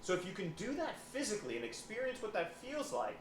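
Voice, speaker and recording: A man's voice: sits high, fairly quick. Man in an echoey room telling stories. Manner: animated storytelling, repeats words. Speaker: psychotherapist guest. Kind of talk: casual podcast chat. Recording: echoey room with faint noise.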